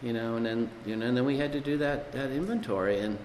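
A man's voice: medium pitch, fast talker, a little mellow, a little hiss or hum. A man giving a personal recovery testimony at a meeting, a rambling storyteller who leans on "you know". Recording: echoey hall with long reverb.

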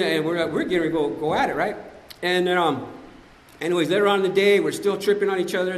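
Man, somewhat high voice, animated slangy testimony to a group, long hall reverb. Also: quick pace. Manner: animated, slangy storytelling, often addressing the room. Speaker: speaker sharing at a recovery meeting. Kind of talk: personal recovery testimony to a group.

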